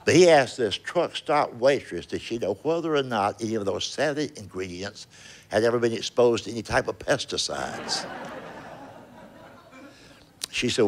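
On a comedy club stage with a noisy background, an older stand-up comedian tells folksy Southern stories and then chats. His medium-pitched voice is animated and moderately paced, and he drawls out his punchlines.

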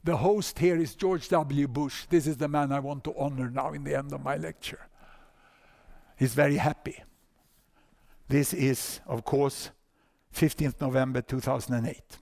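A man in his sixties with a Swedish accent, lecturing at a conference and telling a story with lively asides and repeated words. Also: mid-range voice, unhurried, vocal fry. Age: 60s. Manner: animated storyteller, frequent "huh?" and "you know" asides, repeats words. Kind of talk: conference talk. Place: conference hall with audience.

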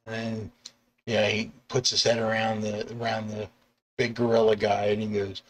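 A middle-aged man, a comic artist and bus driver, chatting casually on a live stream, rambling with restarts and chuckles and acting out quoted lines in sudden high yelps. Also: completely flat delivery, moderate pace, a little hiss or hum. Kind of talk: casual live-stream chat about artwork.

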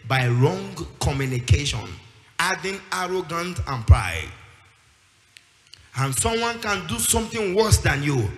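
A man's voice: fairly high pitch, very animated, unhurried. A man preaching a sermon with emphasis, acting out the voices of the people he quotes and rising into a sing-song delivery. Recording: echoey hall with music behind.

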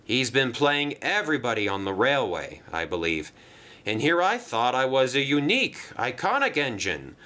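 A man's voice: medium pitch, very animated, moderate pace, sharp tone. A man doing a proud, lilting express engine. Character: famous proud male express engine, grand.

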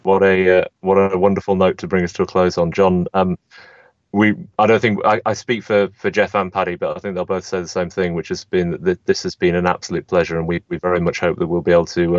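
A low-voiced, quick-talking man from England leading a podcast interview with a chatty, self-deprecating manner. His audio is dry and slightly dull, as if over a call. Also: flat delivery, no echo. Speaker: podcast host. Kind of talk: hosting an interview.

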